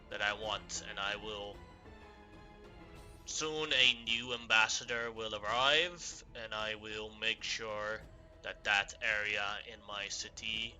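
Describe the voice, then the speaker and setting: A man's voice: lowish voice, bright, forceful tone, heavily acted. A man playing a sultan who speaks formally and regretfully about failures in his city. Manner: slow, measured, formal speech. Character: male Sultan ruler, formal and remorseful.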